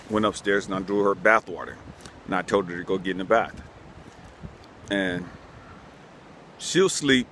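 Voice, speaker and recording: A man's voice: fairly low pitch, fairly bright tone. Man telling a story outdoors, wind behind. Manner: earnest, emphatic, gets worked up as he tells it. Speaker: channel host. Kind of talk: casual personal storytelling. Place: outdoors on a breezy day. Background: wind and outdoor ambience.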